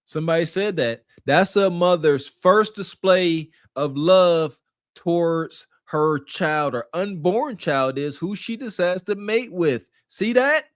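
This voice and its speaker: A man's voice: sits high, lively intonation, takes it slowly, dry recording, clean studio sound. A man co-hosting a podcast, giving preachy, joking commentary in slang. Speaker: podcast co-host.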